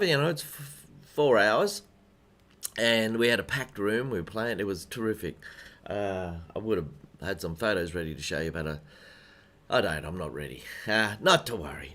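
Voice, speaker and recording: A man's voice: mid-range voice, a bit bright. A man hosting a casual live-stream piano lesson, chatty and rambling, greeting viewers by name and still sleepy from just waking up.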